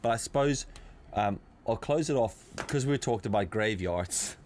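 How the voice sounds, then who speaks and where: Young South African man, podcast co-host, lowish voice, animated storyteller, swears a lot, close studio mic. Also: normal speed, slight background noise. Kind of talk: casual chat. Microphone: studio microphone.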